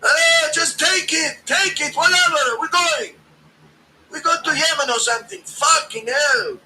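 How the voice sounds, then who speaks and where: A man putting on a loud, exasperated man who complains in a drawn-out, shouty way. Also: very high voice, slight background noise, pitched above the performer's own voice, full character voice, rough recording.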